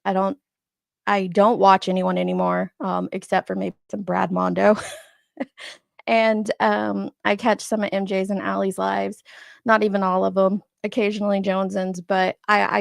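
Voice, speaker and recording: A woman's voice: mid-range voice, vocal fry, no echo, studio quality. A woman in her forties hosting a casual live stream, chatting and laughing as she greets viewers by name. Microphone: streaming setup microphone.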